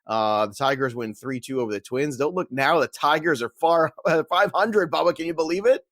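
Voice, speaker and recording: A man's voice: fairly high pitch, normal speed, no room sound. Joking man on a dry podcast mic. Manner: joking, animated, laughs often. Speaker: podcast co-host. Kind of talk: casual sports podcast chat.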